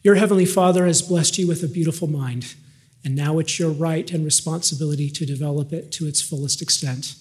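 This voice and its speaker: An older man delivers a scripted devotional address from a lectern. His voice sits a touch higher than most men's. His delivery is measured and carries a gentle dry humor. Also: steady tone. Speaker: devotional speaker.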